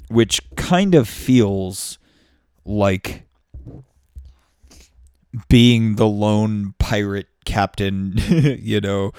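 Man, low gravelly voice, slow, profane, self-mocking, solo podcast host, dry sound. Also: a little mellow, no echo. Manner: profane, self-mocking, loose with extended metaphors. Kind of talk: solo rambling monologue. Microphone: studio microphone.

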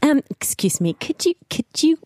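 A woman improvising a prim, irritated concertgoer who keeps clearing her throat. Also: sits high, big pitch swings, normal speed, mellow, dry recording, clean studio sound, pitched above the performer's own voice.

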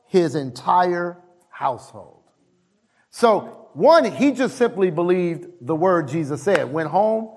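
A man delivers a sermon in a slightly higher voice. He leans hard on key phrases, drawing them out slowly, and his pitch jumps up sharply to drive each point home. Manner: emphatic, slowing on key phrases and swinging his pitch high for emphasis. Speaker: pastor.

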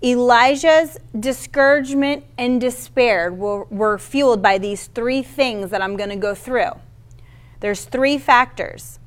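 A woman's voice: a little high, slow pace. Woman preaching and reading scripture. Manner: reads scripture aloud, stumbles on names, casual asides. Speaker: Bible teacher. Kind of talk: sermon with Bible reading.

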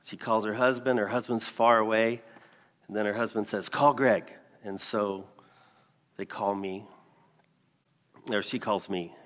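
A man preaching a sermon, mixing scripture with a personal story. He speaks earnestly and gets emphatic, with sudden loud bursts on key lines. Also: lowish voice, fairly even intonation, measured pace, long pauses. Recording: long reverb of a large hall.

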